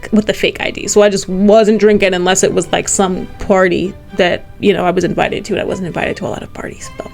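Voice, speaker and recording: An American woman at a mid pitch tells a casual storytime tale. She talks in an animated, chatty way, full of "like" fillers. Faint music plays underneath. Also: fast, creaky. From United States. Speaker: vlogger.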